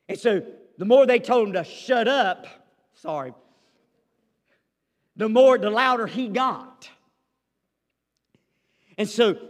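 A pastor with a high male voice, heard with a long reverb tail, reads scripture unhurriedly before pressing his sermon's points with rising fervor.

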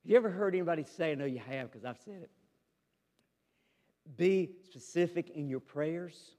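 Animated and mellow, a slightly high-voiced male pastor slowly reads scripture and then argues his points with increasing fervor. The sound trails off in a long reverb tail.

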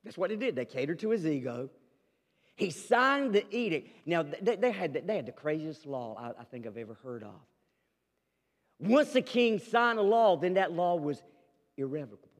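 A man preaching a sermon as pastor, telling a story with dramatic swings between loud declarations and hushed asides. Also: sits high, sing-song, normal speed, in a large hall.

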